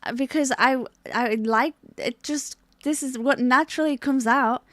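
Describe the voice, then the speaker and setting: A woman's voice: a little slow, no room sound. A young woman streaming live, chatting casually and greeting her viewers in a bubbly, rambling way, with casual swearing. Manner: bubbly, chatty, greets chat with high excitement.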